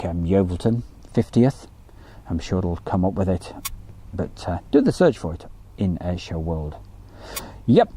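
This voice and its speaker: A man's voice: on the low side, mellow, a little hiss or hum. A man hosting a casual live stream from outdoors by an airfield, chatty and joking as he reads out viewer messages.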